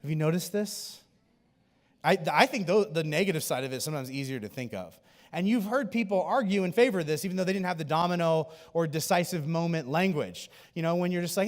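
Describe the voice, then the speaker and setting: A man with a high voice preaches quickly to his church, bouncing between his own talk and the people in his stories. His voice carries a long hall reverb from the auditorium. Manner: animated storytelling, acting out quoted people. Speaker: pastor. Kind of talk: sermon.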